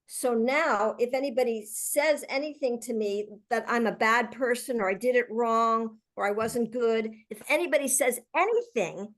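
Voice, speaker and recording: Brief: earnest woman in conversation, slightly high voice, acts out example lines. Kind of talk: reflective conversational discussion.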